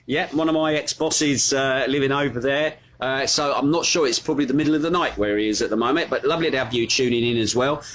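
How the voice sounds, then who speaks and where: A man's voice: medium pitch, fast talker, hardly any pauses, fairly bright tone. A middle-aged man hosting a casual live stream, chatting and greeting his viewers by name. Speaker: host of a live news stream.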